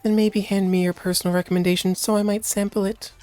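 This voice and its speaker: A man's voice: sits high, level tone, fast talker, darkish tone, smooth, no room sound, soft background music, voice pushed up, close to an everyday voice. Man doing a prim formal alien. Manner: formal, polite. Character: stiff formal male alien companion.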